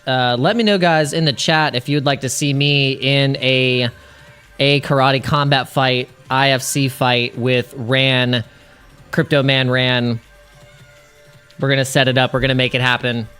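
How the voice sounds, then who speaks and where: A man's voice: mid-range voice, fairly even intonation, unhurried, bright, forceful tone, smooth, faint music behind. A man hosting a casual crypto livestream, rambling, restarting his sentences and laughing at his own jokes.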